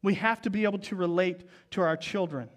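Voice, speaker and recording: High-voiced storytelling male preacher. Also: a little fast. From Oklahoma, US. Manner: storytelling preacher, drops to soft low tones for emphasis. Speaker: pastor. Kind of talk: sermon.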